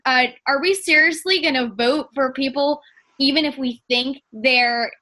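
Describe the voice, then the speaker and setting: A woman on a political talk show, incredulous and indignant as she makes her case. Her voice is high and bright.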